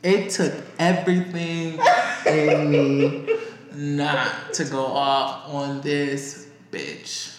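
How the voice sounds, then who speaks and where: A man co-hosting a podcast, telling a work story in a casual, profane, animated way. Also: extremely slow, heavy background noise. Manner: animated, profane, high-pitched when quoting others. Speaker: podcast co-host. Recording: echoey room.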